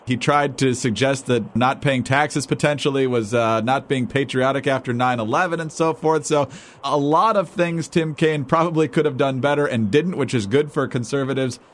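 A man hosting a political talk show, speaking in a steady, matter-of-fact way. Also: medium pitch, normal speed. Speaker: show host.

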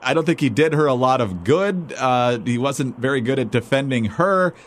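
A man hosting a political talk show, speaking in a steady, matter-of-fact way. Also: mid-range voice, normal speed. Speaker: show host.

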